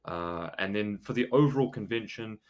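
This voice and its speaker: Male podcast host, low pitch, easygoing hedging delivery. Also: normal speed. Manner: relaxed, hedging with "you know" and "um". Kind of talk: casual chat.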